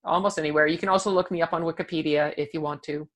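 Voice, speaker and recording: A woman's voice: low voice, steady tone, rapid-fire. A woman dog trainer guesting on an interview show, speaking in an upbeat, matter-of-fact way. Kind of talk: casual interview chat.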